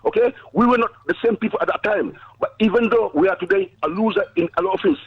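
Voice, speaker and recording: African guy calling in, fast and high, husky voice, muffled phone sound. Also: dry recording. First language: not English. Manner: forceful, repetitive, stammering. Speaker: caller. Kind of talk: passionate call-in speech. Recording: dull lo-fi phone line.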